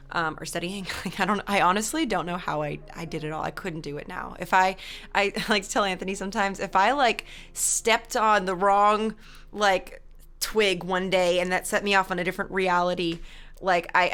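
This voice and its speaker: A young woman streamer chatting casually with her live chat, rambling and animated, laughing often and reading messages aloud. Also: fairly low pitch, gravelly. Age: young adult.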